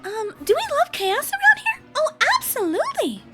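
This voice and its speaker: A woman putting on a sweet, bubbly high voice of a video game princess. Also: huge pitch swings, moderate pace, pushed and bright, faint music behind, full character voice.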